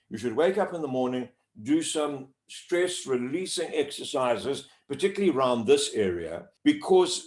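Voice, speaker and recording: A man coaches voice warm-ups with a lively, swooping pitch. He talks in an animated, demonstrative way. The room around him rings with echo. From South Africa. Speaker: voice-over coach. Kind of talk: explanatory interview talk. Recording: echoey room.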